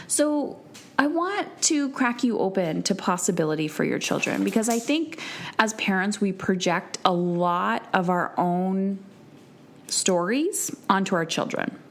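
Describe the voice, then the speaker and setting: A woman in her thirties hosting a solo podcast, talking earnestly and conversationally, with many fillers and quotes acted out in others' voices. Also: medium pitch. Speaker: podcast host and parenting coach.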